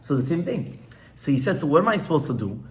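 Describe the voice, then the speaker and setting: A man's voice: fairly high pitch, big pitch swings, fast. A man, a rabbi, teaching an informal class to a live audience in a conversational way, often stopping to ask his listeners questions.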